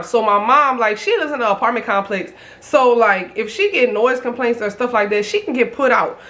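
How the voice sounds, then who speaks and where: A woman in her twenties telling a story to the camera, lively and profane. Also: fairly high pitch. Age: 20s. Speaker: vlogger. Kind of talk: storytime vlog.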